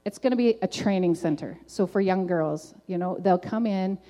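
Middle-aged woman, mellow tone, earnest chatty faith testimony, filler-heavy. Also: lowish voice, normal speed. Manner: earnest, conversational, frequent "like" and "um". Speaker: testimony speaker.

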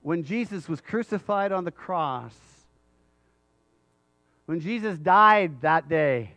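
A man's voice: a little high, expressive, slow, sharp tone, no echo. A man preaching a sermon in an earnest way, stopping now and then to read scripture aloud. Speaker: pastor.

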